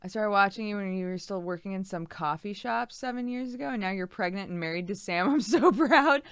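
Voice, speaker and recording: A woman's voice: medium pitch, quick pace, clear, resonant tone, no echo. A pregnant young woman streamer chatting casually and reading out viewer messages, giggly and rambling with lots of fillers.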